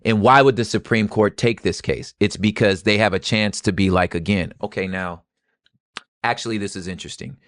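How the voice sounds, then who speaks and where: A young adult man gives animated, casual history commentary. His talk jumps from low murmured asides to loud, heated bursts. The recording is dry and close, with no room sound. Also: moderate pace, no room sound. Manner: animated, swings from quiet asides to loud street-talk outbursts. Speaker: podcast co-host.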